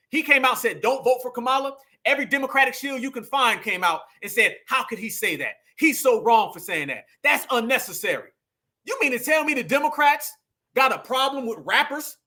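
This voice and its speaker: A man in talks straight to his audience like a preacher, calling them family. His voice sits high and rings bright. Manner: preachy, addresses viewers as family and y'all. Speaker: political commentary host. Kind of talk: casual political commentary.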